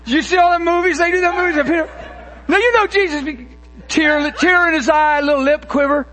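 A man preaching a sermon with fervent emphasis and quick rhetorical questions. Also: very high-pitched, a bit bright, rough recording.

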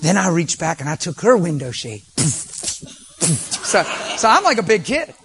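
A preacher with a high-pitched man's voice tells a lively story from the pulpit. He makes vocal sound effects and now and then drops to a hushed, soft delivery. There is a faint hiss of noise behind him. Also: a little fast. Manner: animated, with vocal sound effects, dropping to soft near-whispers. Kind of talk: storytelling sermon.

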